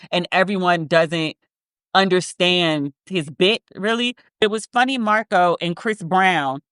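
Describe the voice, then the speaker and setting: A woman's voice: on the low side, a bit bright, no echo, studio quality. A woman in her thirties co-hosting a podcast in casual chat, telling a story with lots of restarts and tangents. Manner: rambling, self-interrupting storyteller with frequent restarts. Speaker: podcast co-host.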